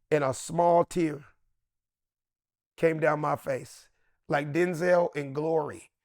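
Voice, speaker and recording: A man in his fifties tells a story in an interview with a comedian's lively, emphatic delivery. His voice sits fairly high for a man. It sounds close and dry, with almost no room around it. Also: dry recording. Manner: lively and emphatic, swinging from loud excited bursts to low hushed asides. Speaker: comedian and actor, interview guest. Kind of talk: animated storytelling in a sit-down interview.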